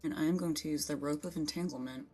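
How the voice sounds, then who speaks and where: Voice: mid-range voice, fast talker, a little mellow. A player in a tabletop game, talking casually and asking easygoing questions as they plan their moves.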